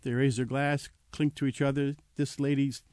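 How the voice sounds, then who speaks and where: Older man telling a lively anecdote. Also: mid-range voice, moderate pace, no room sound. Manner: animated anecdote with acted quotes and chuckles. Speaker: guest telling his life story. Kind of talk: casual storytelling.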